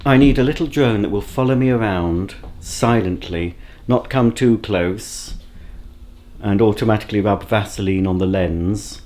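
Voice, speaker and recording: A man's voice: on the low side, normal speed, a little mellow, a little hiss or hum. Rambling, self-mocking vlogger man. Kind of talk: casual solo vlog to camera. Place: at home, indoors. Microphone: handheld camera at arm's length.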